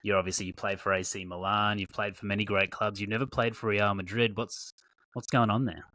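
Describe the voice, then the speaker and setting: Low-voiced Australian podcast host, playful mock interviewer, close dry sound. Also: male voice, level tone, fairly quick, bright, forceful tone, no echo. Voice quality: teasing, playing along with mock seriousness. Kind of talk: mock interview, casual banter.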